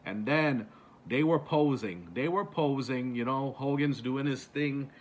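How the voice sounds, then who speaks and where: A man's voice: medium pitch, a little slow, dull audio. A man casually retelling moments for a countdown video, rambling with many fillers and restarts. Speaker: YouTuber.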